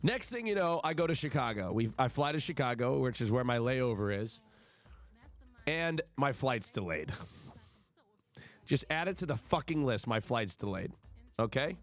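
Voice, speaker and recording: A man streaming live, telling a travel story to his chat in an animated, profane and exasperated rant. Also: medium pitch, moderate pace, long pauses, faint music behind.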